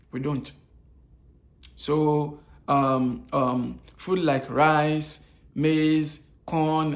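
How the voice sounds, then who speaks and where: Gravelly man quizzing his listeners. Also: on the high side. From Africa. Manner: asks rhetorical questions and answers them himself; repeats key phrases, many hesitation fillers. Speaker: nutrition talk host. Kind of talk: informal health lecture.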